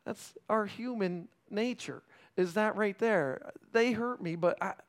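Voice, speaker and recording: A pastor preaching a sermon in a conversational way, often checking in with the congregation and dropping to a hushed, slow delivery for emphasis. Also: male voice, high-pitched. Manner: swings between raised emphasis and hushed, slowed delivery.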